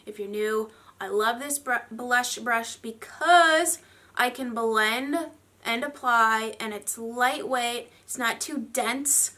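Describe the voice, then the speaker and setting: A woman's voice: fairly high pitch, takes it slowly, pushed and bright. A woman, chatting candidly and rambling a little while doing her makeup on camera at home. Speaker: beauty vlogger. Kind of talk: casual get-ready-with-me chat.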